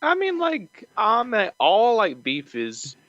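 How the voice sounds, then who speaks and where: A man co-hosting a casual podcast chat, with a bright, forceful voice that swings widely in pitch. He rambles and fills his sentences with "like," and the recording is dull and a bit lo-fi. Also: wildly swooping pitch, slow pace, no room sound. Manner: rambling, lots of "like", laughs easily. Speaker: podcast co-host.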